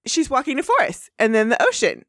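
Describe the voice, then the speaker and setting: A woman's voice: huge pitch swings, a little fast, fairly bright tone, no echo, clean studio sound. A woman casually recapping a cartoon episode in a bubbly way. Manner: bubbly, puts on squeaky high voices for quotes.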